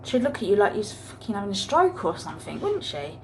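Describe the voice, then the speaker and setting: Chatty woman with vocal fry. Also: mid-range voice, big pitch swings, brisk, hardly any pauses, a little hiss or hum. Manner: chatty, rambling, blunt with occasional swearing. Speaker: vlogger. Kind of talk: casual home vlog chat. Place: home kitchen.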